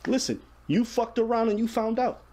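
A man's voice: very high voice, normal speed, warm tone, slight background noise. Blunt, profane man hosting reaction talk. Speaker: reaction show host. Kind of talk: casual reaction commentary.

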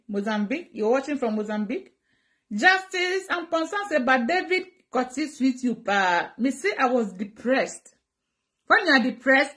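A woman with a Ghanaian accent on a live stream, answering viewer comments in an animated, dramatic way and switching between two languages. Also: high-pitched.

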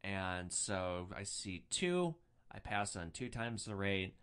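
Animated, bright-voiced male storyteller. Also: sits low, takes it slowly, clean tone. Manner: animated, profane, wry. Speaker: podcast host. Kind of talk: casual storytelling.

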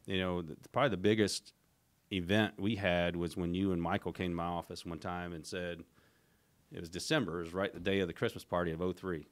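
A middle-aged man, a guest on a podcast, tells a long story in a low, steady voice at a brisk pace. His casual storytelling interview rambles, with frequent restarts and acted-out quotes.

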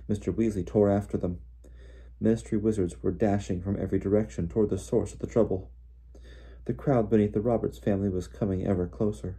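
A man reading a novel aloud in steady storybook narration. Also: on the low side, fairly quick, breathy edge. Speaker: audiobook reader.

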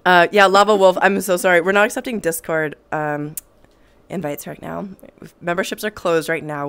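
A woman's voice: fairly low pitch, fairly bright tone, smooth. A young woman hosting a gaming stream, chatting casually, laughing often and reading chat aloud over a headset mic. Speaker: streamer host.

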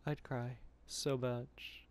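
A young man giving casual, excitable gaming commentary, pleading and yelping in bursts. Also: mid-range voice, very slow. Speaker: gamer.

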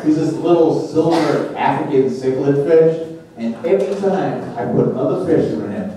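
A man's voice: on the high side, moderate pace, noisy background. A man doing a crude, self-deprecating stand-up set in a comedy club, slipping into silly voices. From New Jersey. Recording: echoey club heard from a distance.

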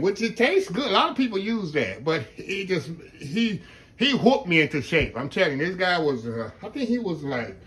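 A man's voice: mid-range voice, fairly bright tone, slightly rough. A middle-aged man hosts a casual cooking demonstration, talking in a folksy, rambling way and calling viewers y'all. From Texas. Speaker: home cook host.

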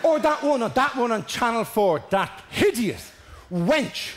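A male stand-up comedian performing a mocking, animated routine to a live audience. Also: very high-pitched, slow. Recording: echoey hall with audience noise.

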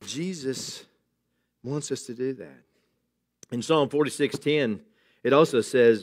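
A man's voice: medium pitch, slow pace, pauses often, darkish tone. A middle-aged man preaching a sermon in a church, conversational and jokey, with chuckles and asides to the congregation. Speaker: pastor. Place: church sanctuary.

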